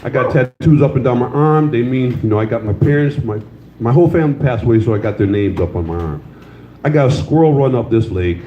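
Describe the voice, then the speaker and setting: A man's voice: medium pitch, lively intonation, fast, slight background noise. An older man performing a loose, crude stand-up set, telling stories and teasing the audience in a comedy club. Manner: loose, crude storytelling with crowd banter. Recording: slightly dull, roomy live club sound.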